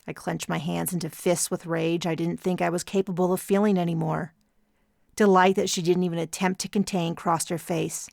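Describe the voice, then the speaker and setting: Woman audiobook narrator, low-pitched and gravelly, measured first-person read, close dry mic. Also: flat delivery, dry recording.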